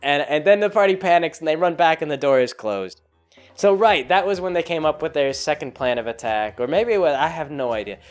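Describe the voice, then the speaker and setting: Rambling man, higher-pitched, faint music. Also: animated, a little fast. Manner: rambling, many "like" fillers, chuckles often. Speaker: podcast host recapping a tabletop game. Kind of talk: casual storytelling recap.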